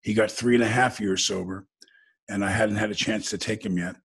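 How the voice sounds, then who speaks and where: A man with a gravelly, husky voice, chatting as a guest and telling stories in a lively, joking way. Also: lowish voice, brisk. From United States. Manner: storytelling, animated, jokey. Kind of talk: casual conversation.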